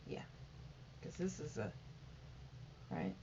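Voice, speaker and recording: A female vlogger chats casually to camera in a medium-pitched voice with lively intonation, taking her time. She rambles and keeps saying "you know," and the recording has a dull lo-fi quality with faint noise.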